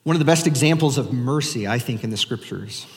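A man's voice: mid-range voice, brisk, long reverb tail. A man preaching a sermon as pastor in a casual, conversational way, inviting the congregation to join in.

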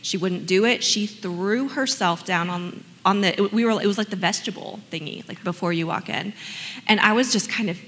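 Woman chatting about her kids, bright voice, long echo in the room. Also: mid-range voice, brisk. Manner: laughing, animated storytelling. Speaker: parent sharing stories. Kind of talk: casual chat.

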